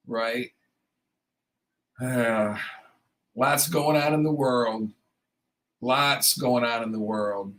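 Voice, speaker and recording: A man's voice: mid-range voice, rough recording. A man hosting a morning radio show in a studio, chatting casually in a rambling, joking, self-deprecating way, with a slightly froggy voice. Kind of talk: casual on-air chat.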